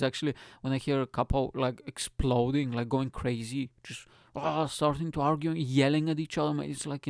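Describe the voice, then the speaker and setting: A man hosts his own podcast, rambling from topic to topic with plenty of swearing and jokes. His voice is smooth and crisp with a gravelly fry. The sound is dry and close. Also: mid-range voice, darkish tone, no echo. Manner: rambling, profane, jokey. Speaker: podcast host. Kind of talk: casual solo rant. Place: lives in Britain.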